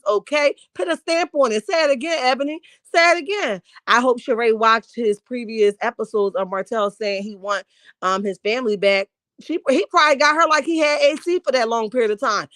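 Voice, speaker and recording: A woman's voice: fairly high pitch, moderate pace, fairly bright tone, no room sound. A woman hosting a casual livestream, reacting with sass and reading out viewer comments as she talks. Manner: sassy, reads viewer comments aloud and reacts. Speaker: livestream host. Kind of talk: casual live-chat commentary.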